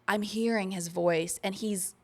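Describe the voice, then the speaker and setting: A woman's voice: mid-range voice, fairly even intonation, measured pace, darkish tone. A woman co-hosting a podcast, telling a long personal story in casual chat and swearing freely. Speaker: podcast co-host.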